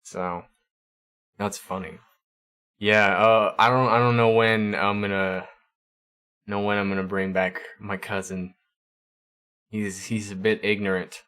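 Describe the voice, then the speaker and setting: A man's voice: lowish voice, level tone, bright, forceful tone, clean tone. Guy hosting a stream, chill chatty talk, keeps tripping over his words and repeating. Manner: halting, often repeats words. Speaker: livestream host. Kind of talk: casual chat with viewers.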